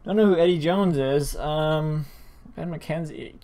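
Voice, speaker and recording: A man's voice: fairly high pitch, unhurried, warm tone. A man hosting a let's play, rambling in casual commentary with frequent stammers and self-interruptions.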